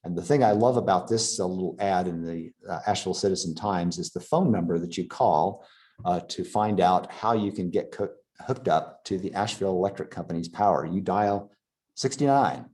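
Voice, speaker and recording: Man, very deep voice, halting slide lecture, lots of ums and restarts. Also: a little mellow. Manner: halting, many fillers and restarts.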